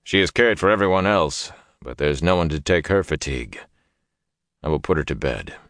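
A hardened warrior bodyguard barks blunt, gruff orders, as a narrator does him. The voice sits very low and sounds close and dry. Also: male voice, lively intonation, normal speed, fairly bright tone, no echo, full character voice. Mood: tired. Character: stern, hardened older male warrior bodyguard.

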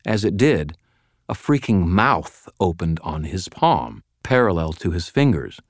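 A man giving scripted first-person audiobook narration in a dry, even storytelling delivery. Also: low-pitched, measured pace, no echo. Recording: dry close studio mic.

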